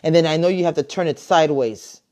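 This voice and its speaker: A middle-aged woman and grandmother hosting a casual live video chat from her computer, talking in a chatty, warm-hearted way with many fillers and restarts. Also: sits low, fast talker. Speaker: host. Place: home, at a computer. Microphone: computer mic on a live video call.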